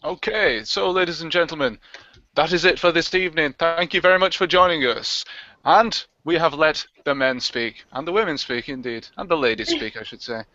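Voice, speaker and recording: Bright-voiced jokey male stream host. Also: on the high side, moderate pace, no echo, dull audio. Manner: jokey, chatty sign-off patter. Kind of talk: casual live stream chat.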